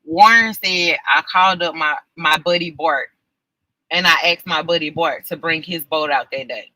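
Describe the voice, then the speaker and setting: Chatty co-host, bright and forceful voice, dry recording. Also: medium pitch, moderate pace, no room sound, rough recording. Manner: chatty, reactive. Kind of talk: live stream chat.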